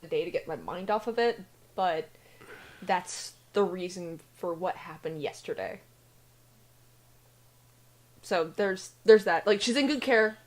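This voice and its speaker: A woman in a played stream clip, speaking fast and hesitantly in a subdued way. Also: lowish voice, rough recording.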